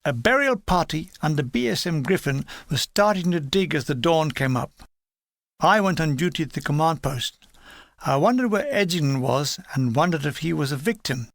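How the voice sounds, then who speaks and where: A man's voice: on the high side, expressive, moderate pace, gravelly, a bit bright, no room sound. An older man reading his own wartime memoir aloud in a dry, wry, matter-of-fact way.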